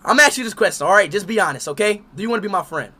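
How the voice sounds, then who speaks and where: A young man giving loud, brash reaction commentary as a streamer, yelling and swearing heavily. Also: high voice, expressive, racing, slightly rough.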